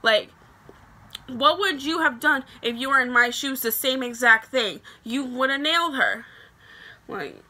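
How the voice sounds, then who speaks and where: A young woman with a very bright, sharp voice pitched a little high. She chats to her camera in a loose, animated storytime style and keeps dropping "like" between phrases. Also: unhurried. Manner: chatty and animated, heavy use of "like" fillers. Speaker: vlogger telling a story.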